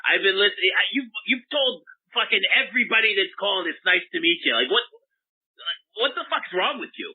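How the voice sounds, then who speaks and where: A man voicing a gruff, foul-mouthed baseball mascot who calls in to a comedic advice show, combative and rambling. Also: a little high, expressive, moderate pace, phone-quality sound. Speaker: caller.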